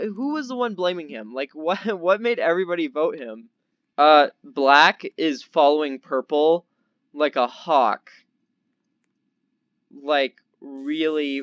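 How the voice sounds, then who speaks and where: Young male gaming YouTuber, jumpy and chatty, fairly high smooth voice, dry home mic. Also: no room sound, highs cut off. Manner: excitable, easily startled, chatty; doing a slightly odd put-on accent. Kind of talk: casual gameplay commentary.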